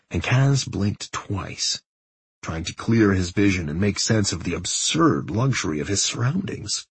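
A man narrates a story at an unhurried, measured pace. His voice is strongly husky and breathy, sitting a little low. The sound is dry and close, with no room around it. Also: dry recording. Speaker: audiobook narrator. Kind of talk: scripted narration.

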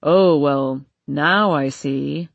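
A woman voicing a stern, dismissive middle-aged father in an audiobook, speaking in curt, gruff lines. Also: low voice, very slow, no echo, dull audio, pitched below the performer's own voice, full character voice. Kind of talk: audiobook character voice.

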